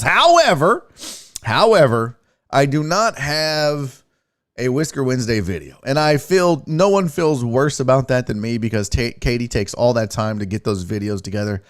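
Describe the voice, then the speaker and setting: Sports stream host guy, chatty, mid pitch, just hanging out with the chat. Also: clear, resonant tone. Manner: chatty, rapid shout-outs to viewers. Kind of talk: casual livestream chat.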